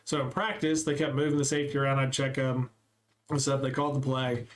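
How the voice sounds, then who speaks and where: A young man co-hosting a casual podcast chat, telling stories with lively acted-out quotes. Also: medium pitch, fast talker. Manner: animated storyteller acting out quotes. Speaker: podcast co-host.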